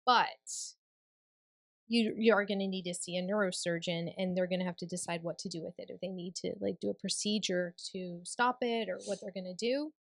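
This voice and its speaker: A middle-aged woman co-hosting a podcast, telling a personal story in casual chat and quoting others in a lowered voice. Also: fairly quick, gravelly. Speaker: podcast co-host.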